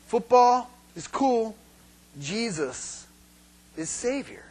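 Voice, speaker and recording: A man preaching a sermon with lively, joking delivery, often asking "right?" and acting out cheering fans. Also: sits high, poor audio. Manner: animated, acts out fans shouting and singing; rhetorical "right?" after points. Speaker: pastor.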